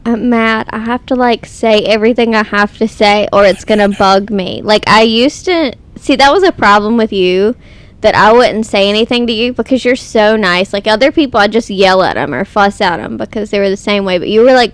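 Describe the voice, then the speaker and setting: A woman co-hosting a podcast in casual chat, blunt and talking in quick bursts. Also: mid-range voice, no room sound. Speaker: podcast co-host.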